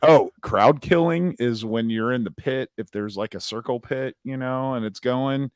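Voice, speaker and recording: Excitable man co-hosting, dry sound. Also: mid-range voice, normal speed, clear, resonant tone, dry recording. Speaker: podcast co-host. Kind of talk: casual chat.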